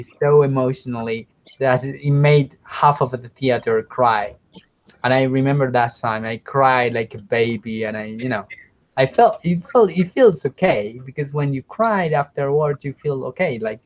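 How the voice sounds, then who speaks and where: A man's voice: mid-range voice, low-quality recording. A man who is an English student, telling a story in casual conversation practice, hesitant, with many restarts as he searches for words.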